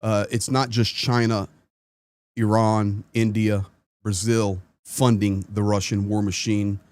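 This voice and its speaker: A man's voice: fairly low pitch, level tone, slow, a little mellow, no room sound. A man from the United States hosting a political talk show, ranting angrily and emphatically about foreign policy. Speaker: host. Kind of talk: heated political commentary.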